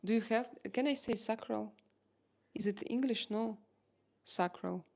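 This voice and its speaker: Woman, Russian accent, live-stream chat host, gravelly fry, halting delivery with French slipping in. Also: on the high side, darkish tone. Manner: halting, searches for English words, drops into French.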